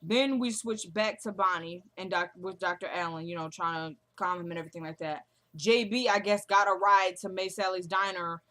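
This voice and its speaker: A woman's voice: on the low side, fairly even intonation, normal speed, hardly any pauses, fairly bright tone. Chatty woman recapping a TV episode. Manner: chatty retelling, slangy, acts out dialogue.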